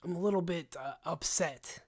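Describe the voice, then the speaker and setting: Young male livestream host, rambling, animated, sighs often, voice wearing thin. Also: a little high, moderate pace. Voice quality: voice tiring, gives out after long talk. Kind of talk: casual livestream chat.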